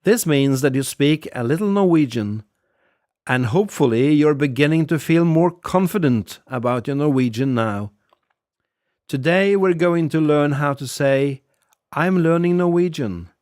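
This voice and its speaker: Male teacher, slightly high voice, slow scripted lesson delivery, dry close sound. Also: animated, darkish tone, no room sound. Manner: slow, patient, repeats phrases for learners. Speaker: language teacher. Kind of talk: scripted audio language lesson.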